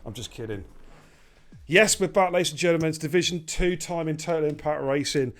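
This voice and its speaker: A man hosting a sim racing stream, commentating live and repeating phrases when he gets excited. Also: fairly high pitch, fairly quick.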